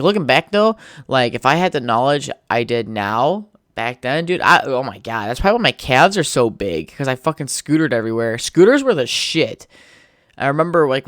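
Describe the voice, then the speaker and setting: Young man, tired, solo podcast host, rambling, profane, smooth clear voice, dry close mic. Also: medium pitch, a bit bright, dry recording. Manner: rambling, profane, laid-back. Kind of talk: casual solo storytelling. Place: home setup with a podcast mic.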